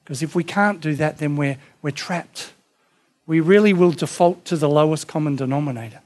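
A pastor delivers a sermon with a fairly high voice. His preaching is emphatic and impassioned, with lines that surge louder and others that drop to near quiet. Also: moderate pace. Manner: impassioned, emphatic preaching with sudden loud peaks and hushed drops.

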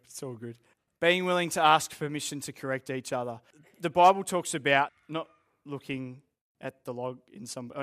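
A man's voice: mid-range voice, fairly bright tone. A young man with an Australian accent, preaching a sermon to a church congregation in a candid, self-deprecating way. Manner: earnest, candid and self-deprecating, with joking asides. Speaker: pastor. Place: church room with a live congregation.

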